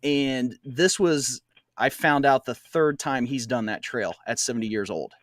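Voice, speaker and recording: A man's voice: medium pitch, unhurried, no echo. Chatty man telling a trail story. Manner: rambling, laughs often, many fillers. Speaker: podcast co-host. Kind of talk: casual storytelling chat.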